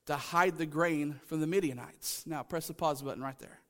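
A man's voice: on the high side, moderate pace, fairly bright tone. A male pastor preaching a sermon, emphatic and repeating his key lines to the congregation.

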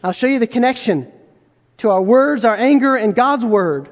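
A man preaches with a strikingly high voice, talking to his congregation casually and firing rhetorical questions at them. His voice rings out with the long reverb of a large hall. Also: lively intonation, moderate pace. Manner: conversational, rhetorical questions, acts out quoted voices. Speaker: pastor. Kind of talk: sermon.

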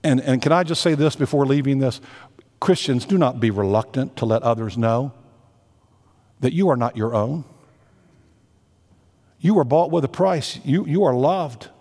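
A man's voice: mid-range voice, moderate pace, long pauses, darkish tone. A man preaching a sermon as a senior pastor, earnest and emphatic, drawing out the words he stresses. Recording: long hall reverb.

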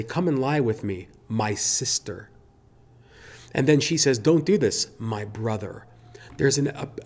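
A man delivers a sermon in an earnest, reflective way. His voice sits at an ordinary middle pitch. He keeps asking rhetorical questions as he works through the text. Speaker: preacher.

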